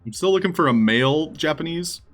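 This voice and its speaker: A man's voice: on the high side, lively intonation, brisk. Rambling male streamer, faint music behind. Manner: rambling, thinking aloud while setting up text-to-speech. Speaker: livestreamer. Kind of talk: casual live-stream chat.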